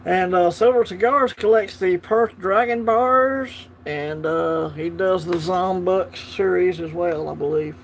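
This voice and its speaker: A man's voice: high voice, a little slow, few pauses, a little hiss or hum. A man with a Southern US accent hosting a casual livestream, chatting easily and answering viewer comments as they come in. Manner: chatty, easygoing, talks back to the chat. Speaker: livestream host.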